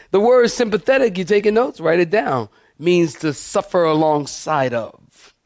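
A man's voice: high voice, gravelly, dry recording. A male pastor preaching a sermon, emphatic, often asking the congregation if they follow. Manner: asks the congregation for responses, emphatic.

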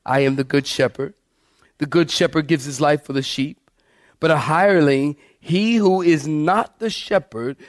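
Man, pastor, expository sermon, emphatic delivery, slightly high voice, dry recording. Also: no room sound. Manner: preacher addressing congregation as saints, asking them to follow along; emphatic, varying pace and volume for effect. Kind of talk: expository sermon reading scripture.

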